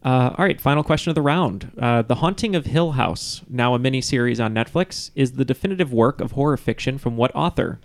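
A man hosts a relaxed trivia podcast among friends, rambling through stories with plenty of ums and uhs. His voice sits at a middle pitch with a gravelly edge. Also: a little fast, few pauses. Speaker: podcast host running a trivia quiz. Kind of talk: casual chat with friends.

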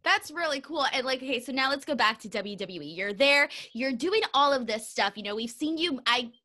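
A woman interviewer with a bright, sharp voice set fairly high, upbeat and encouraging. She asks long, winding questions in an easy, casual way. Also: lively intonation, moderate pace.

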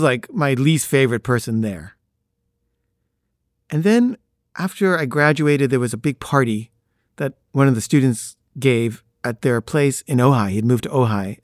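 A man's voice: mid-range voice, dry recording, clean studio sound. A middle-aged man from the Los Angeles area telling a personal story in a conversational way, acting out the people he quotes. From Los Angeles, the San Fernando Valley. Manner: conversational, acts out quoted voices.

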